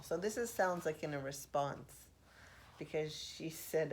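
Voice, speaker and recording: A woman speaking softly for ASMR, musing aloud with pauses and half-whispered asides. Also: deep voice, a little hiss or hum. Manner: reflective, thinking aloud with pauses. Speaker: host. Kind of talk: soft-spoken ASMR poetry analysis.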